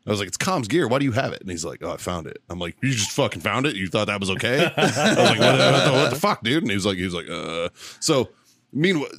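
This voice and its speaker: A man's voice: medium pitch, expressive, fast talker, fairly bright tone, dry recording. A man co-hosting a podcast, telling a story in casual, profane chat and laughing often along the way. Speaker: podcast co-host.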